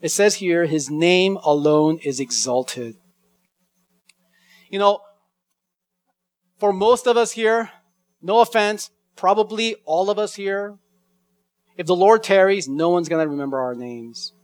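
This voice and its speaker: A man preaching an expository sermon, slowing down to read scripture lines with weight and emphasis. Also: high-pitched, dry recording. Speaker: pastor.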